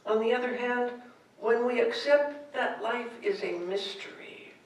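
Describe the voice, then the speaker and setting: Slow gravelly woman preaching in a hall. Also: fairly high pitch. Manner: gentle, storytelling, unhurried. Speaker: spiritual director. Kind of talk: sermon. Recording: echoey hall from far off.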